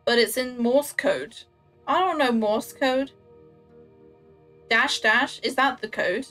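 A young woman streams a game and keeps up a loose, self-mocking patter with her viewers. Her voice sits a little high and she takes her time. Soft game music plays underneath. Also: slow pace. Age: young adult. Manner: chatty, self-mocking, talks to herself and chat while playing. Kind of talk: casual gameplay commentary.

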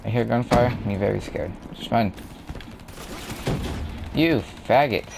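A man giving live gameplay commentary, excitable and trash-talking, breaking into sudden yelps. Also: mid-range voice, slow pace, creaky, noisy background. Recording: game gunfire behind voice.

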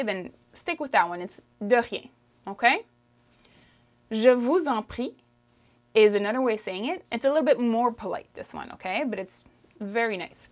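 A woman with a Canadian French accent teaching a French lesson, drawing out phrases slowly for the listener to repeat and checking in with "okay?". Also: a little high. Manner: slow, drawn-out pronunciation drills, frequent "okay?" checks. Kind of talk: language lesson, modelling phrases for repetition.

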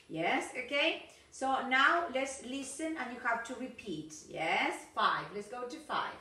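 A woman English teacher giving a recorded video lesson, slow and instructive, checking in with words like "okay?" and "yes?". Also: on the high side, expressive, bright, forceful tone. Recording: echoey room, mic far off.

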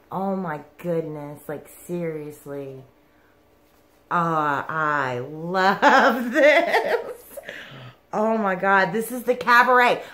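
A woman's voice: fairly high pitch, sharp tone. Giggly gushing woman. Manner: gushing, giggly, lots of "like" and "oh my goodness". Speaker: yarn vlogger. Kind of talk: excited unboxing haul vlog.

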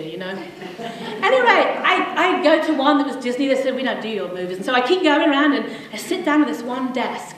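A woman in her forties telling a lively, laughing story to a live audience, acting out her own thoughts as she goes. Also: sits high. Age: 40s. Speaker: speaker giving a community talk. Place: large hall with a live audience. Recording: echoey hall, mic at a distance, audience noise.

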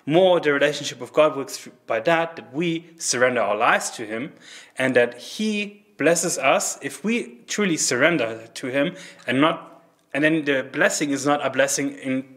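A man's voice: medium pitch, moderate pace, a bit bright. A man, a native German speaker, giving an earnest, conversational sermon at a church service, often restarting phrases and acting out prayers. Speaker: preacher.

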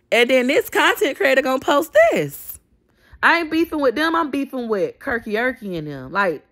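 A woman's voice: high voice, pushed and bright. A woman content creator ranting in a casual vlog, talking straight to her followers, profane and repeating herself when upset. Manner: addresses her followers directly.

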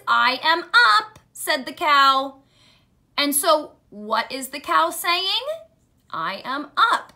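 A young woman teaching young children to read, reading picture books aloud slowly in a sing-song way with some hesitant fillers. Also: high voice, pushed and bright.

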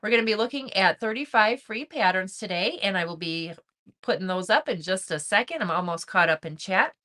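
A woman hosts a casual livestream with a bright, clear tone. She chats in a friendly way, greets viewers by name and reads their comments aloud. Her pitch sits in a middle range. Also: lively intonation, a little fast. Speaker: crochet channel host.

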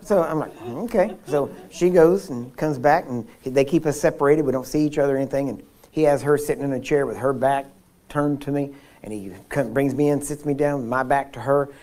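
Speaking a little fast in a mid-range voice, a man delivers a sermon at a healing seminar. He's an animated storyteller who shares personal anecdotes, laughs often, and keeps restarting his sentences.

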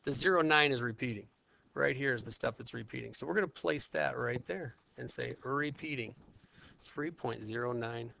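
A man's voice: medium pitch, moderate pace, gravelly, sharp tone, a little hiss or hum. A man teaching a casual math lesson, talking himself through calculations in an informal, chatty way. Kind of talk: casual classroom lesson, working problems aloud.

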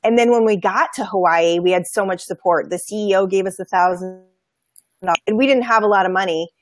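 A woman of medium pitch speaks enthusiastically and earnestly in a casual conversation. The recording is dry and close. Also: fairly quick, dry recording. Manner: enthusiastic, earnest spiritual talk. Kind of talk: casual conversation about manifesting.

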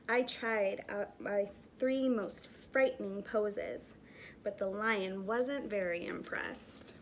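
Female preschool educator, gentle storyteller, unhurried and encouraging. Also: medium pitch, slight background noise. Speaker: zoo conservation educator teaching preschoolers. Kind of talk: online preschool lesson and picture-book reading.

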